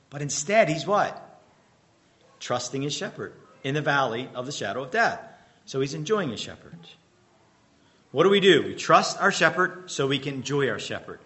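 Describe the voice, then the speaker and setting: A man's voice: a little high, bright, forceful tone. A man preaching a sermon as pastor, quizzing the congregation with fill-in-the-blank questions and repeating key points with emphatic bursts. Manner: emphatic bursts and slowed-down repetition.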